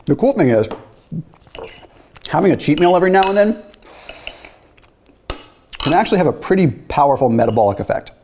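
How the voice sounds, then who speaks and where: Very animated and fairly quick, with a high-ish, slightly mellow voice, this man tells a story and then walks through diet science in a nutrition video. He talks loosely, peppering in "like" and "right?", and leaves long pauses; some hiss or hum is audible.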